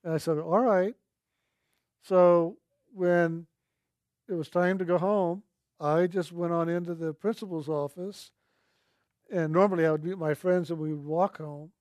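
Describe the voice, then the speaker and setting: A man with a fairly high voice tells a personal story in an earnest, reflective way. He quotes the people in it without changing his voice. The sound is dry and close. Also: fairly even intonation, measured pace, pauses often, darkish tone, no room sound.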